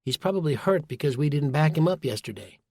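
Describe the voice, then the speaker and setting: A man voicing a worried wife who speaks calmly and coaxingly in an audiobook, recorded dry and close. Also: on the high side, fast, slightly rough, dry recording. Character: worried wife, calm and persuasive.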